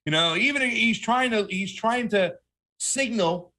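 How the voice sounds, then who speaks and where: A man's voice: high-pitched, measured pace, pushed and bright. A man co-hosting a casual political commentary show, heated and profane, often calling listeners "fam". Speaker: co-host.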